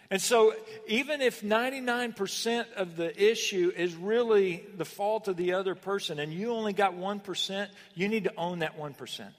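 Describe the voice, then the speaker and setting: High-voiced emphatic male preacher. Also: in a large hall. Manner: animated preaching, emphatic rises and pauses. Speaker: pastor. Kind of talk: sermon.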